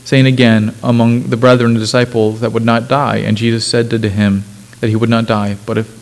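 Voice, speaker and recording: A man's voice: medium pitch, level tone, brisk, gravelly, rough recording. A man preaching a sermon, reading scripture aloud and explaining it in a conversational way, with asides and self-corrections.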